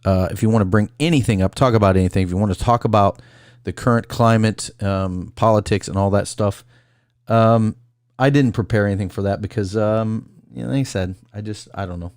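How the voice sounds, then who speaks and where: A man's voice: fairly low pitch, brisk, a little mellow, no echo, clean studio sound. A man hosting a casual call-in livestream, rambling through a list and greeting viewers by name. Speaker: call-in show host.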